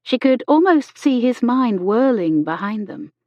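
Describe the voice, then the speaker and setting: A woman reading an audiobook as narrator, gentle and measured in her reading. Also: a little high, very animated, no room sound. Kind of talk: scripted narration. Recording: dull lo-fi dry audio.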